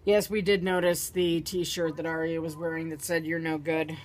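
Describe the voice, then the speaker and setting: A woman's voice: on the low side, steady tone, normal speed, darkish tone, soft background music. A young woman co-hosting a vlog in casual chat, blunt and sarcastic. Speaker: vlog co-host.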